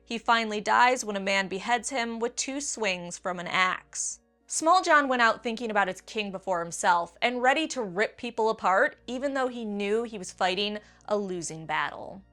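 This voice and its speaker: A woman hosting a countdown video, talking excitably, swearing freely and acting out quotes. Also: mid-range voice, moderate pace, faint music behind. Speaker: book video host. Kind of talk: enthusiastic countdown commentary.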